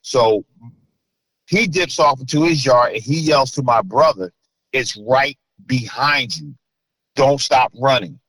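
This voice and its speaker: A middle-aged man from New Jersey, a guest in an interview, telling a story with animated bursts as he acts out voices. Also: medium pitch, slow pace, breathy edge, no room sound, low-quality recording.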